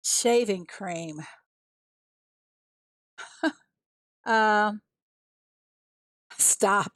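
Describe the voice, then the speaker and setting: A woman's voice: medium pitch, measured pace, pauses often, dry recording. A woman streaming a mobile farming game, chatting casually with her viewers and talking herself through each move. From USA. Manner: chatty, talks to herself and reads chat aloud. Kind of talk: casual live-stream commentary.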